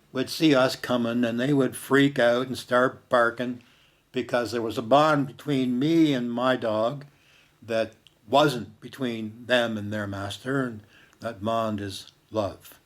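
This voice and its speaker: An older man from Canada telling a personal story in a slow, reflective way, dropping to a hush for quoted words. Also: mid-range voice.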